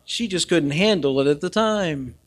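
A man preaching a sermon earnestly, swinging from loud emphasis down to near-whispers. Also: a little high, expressive, normal speed. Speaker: pastor.

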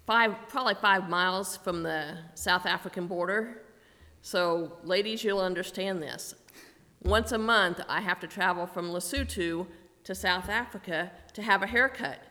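A woman's voice: on the low side, unhurried, bright, forceful tone. A woman, a missionary, speaking in a chatty and practical way to a church congregation. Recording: long hall reverb.

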